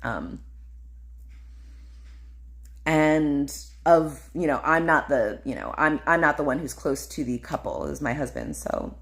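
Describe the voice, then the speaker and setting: Low-voiced woman gushing about a trip. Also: very animated, measured pace, long pauses, fairly bright tone. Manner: dreamy, gushing, lots of likes and ums. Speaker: podcast host. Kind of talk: casual personal storytelling.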